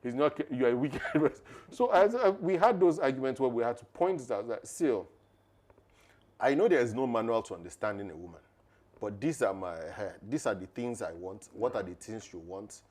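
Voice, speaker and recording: A man's voice: mid-range voice, lively intonation, a little fast, a little mellow. A man co-hosting a podcast, talking emphatically and laughing often. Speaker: podcast co-host. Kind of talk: conversational podcast talk.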